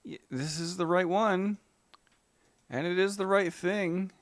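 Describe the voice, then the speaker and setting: A man's voice: high voice, steady tone, takes it slowly, no echo. A man streaming live, greeting his chat by name and muttering to himself while he fixes his tech.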